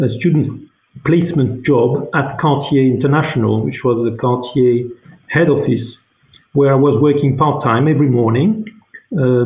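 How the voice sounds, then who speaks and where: Man, French accent, CEO guest in his fifties, halting speech full of ums, phone-like sound, roomy echo. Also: mid-range voice. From France. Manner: hesitant, many fillers and restarts. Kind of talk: interview answers. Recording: echoey room over a tinny phone-like line.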